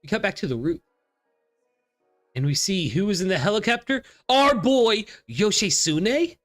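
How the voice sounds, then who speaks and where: A man hosting a manga discussion show, excitable and quick to laugh and exclaim. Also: sits high, faint music behind. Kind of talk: casual chat and manga reading.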